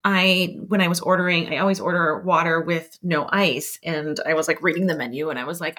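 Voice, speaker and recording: A woman's voice: on the low side, expressive, fairly quick, fairly bright tone. A middle-aged woman taking over a podcast as interviewer, chatting in a friendly, upbeat way. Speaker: guest interviewer. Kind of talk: casual chat.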